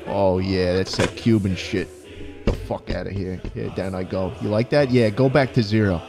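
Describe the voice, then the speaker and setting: A man giving profane, excitable let's-play commentary, often yelping and laughing. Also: deep voice, normal speed, creaky, music in the background. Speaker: gaming YouTuber.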